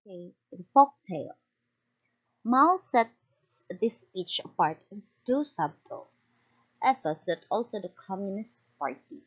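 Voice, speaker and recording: A young woman student giving a class report, reading from notes with small slips and quick apologies. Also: medium pitch, very animated, slightly rough. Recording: dull lo-fi recording.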